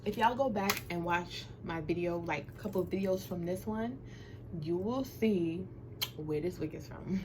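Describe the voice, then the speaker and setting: A woman's voice: fairly low pitch, normal speed. Young woman, casual home vlog, playful chatter, nervous giggles, noisy background. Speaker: vlogger. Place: small room at home under a ring light.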